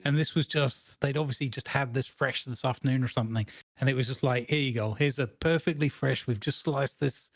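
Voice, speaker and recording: A man's voice: medium pitch, a little fast, few pauses, no echo. Man, rambling storyteller, dry close sound. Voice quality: rambling, animated storytelling with many restarts. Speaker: podcast co-host. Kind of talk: casual chat.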